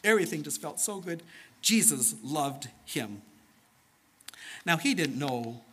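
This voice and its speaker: A man telling a children's sermon story in an animated, playful way, with sound effects and questions to his listeners. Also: a little high.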